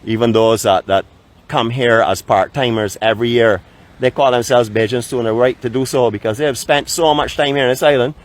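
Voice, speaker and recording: His voice mid-range and brisk, a Barbadian vlog host chats from a raft off the beach in a live outdoor narration, welcoming viewers as a tour guide might. There's no external microphone, just the camera's own, and faint wind can be heard.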